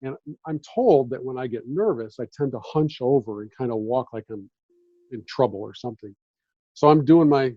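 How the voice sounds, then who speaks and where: Fifties ex-reporter guest, warm voice on dull, dry lo-fi audio, tells stories and acts out quotes. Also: male voice, medium pitch, no room sound. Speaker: podcast guest, former sports beat reporter. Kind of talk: casual storytelling chat.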